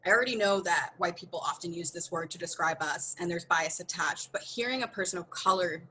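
Bright-voiced woman telling her own story. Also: on the low side, brisk, slight background noise, low-quality recording. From United States. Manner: earnest and expressive, often laughing mid-story. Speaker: podcast guest. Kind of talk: candid conversational storytelling.

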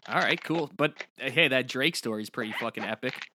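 A man hosting a casual podcast, relaxed and casually profane as he wraps things up. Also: mid-range voice, a little fast, background noise. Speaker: podcast host. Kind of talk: casual chat.

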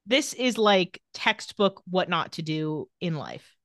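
A woman's voice: lowish voice, dry recording, studio quality. A young woman co-hosting a casual podcast recap, chatty and sarcastic, laughing often. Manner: animated recap, breaks into quick impressions of characters. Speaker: podcast co-host recapping a TV episode. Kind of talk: casual chat.

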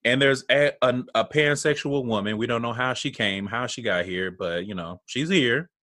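A man's voice: medium pitch, normal speed, bright, forceful tone, no echo, clean studio sound. A man casually recapping a reality show with a co-host, blunt and profane, laughing often and acting out what people said. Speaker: podcast co-host.

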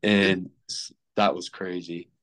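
A man's voice: sits low, flat delivery, takes it slowly, a bit bright. A young man in his twenties, a podcast guest rambling casually with plenty of fillers and restarts. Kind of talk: casual chat.

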